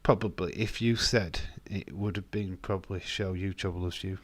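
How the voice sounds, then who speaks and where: A man from Castleford, Yorkshire, England, with a Yorkshire accent and a low, steady voice at moderate pace, hosts a live stream with no room sound. In a casual watch-along, he reads viewer comments, chatting bluntly, swearing freely and restarting sentences.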